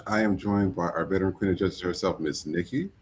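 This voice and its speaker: Relaxed male podcast host. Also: low voice, fast talker, a little hiss or hum. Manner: relaxed, fumbling with tech, shouting out viewers. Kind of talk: casual live-stream chat.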